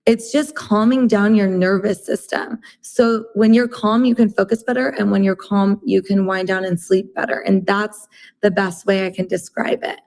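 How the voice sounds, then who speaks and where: A woman's voice: mid-range voice, level tone, normal speed, a little mellow. A woman guest on a casual podcast, explaining earnestly and peppering her talk with "like" and "you know".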